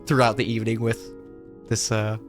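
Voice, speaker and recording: A man narrating a tabletop game as game master, halting and restarting often. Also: lowish voice, level tone, faint music behind. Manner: halting, with many fillers and restarts.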